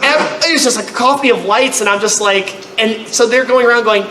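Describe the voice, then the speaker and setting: A man telling a comic story to a live convention audience, acting out other people with loud, high-pitched outbursts. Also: fast. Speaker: convention panelist. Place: convention panel room. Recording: echoey room, faint noise.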